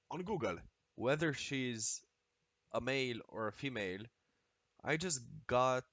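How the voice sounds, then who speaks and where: A man streaming a video game, talking casually and excitably with lots of swearing and exclamations. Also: medium pitch, dry recording. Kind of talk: casual live-stream commentary while playing.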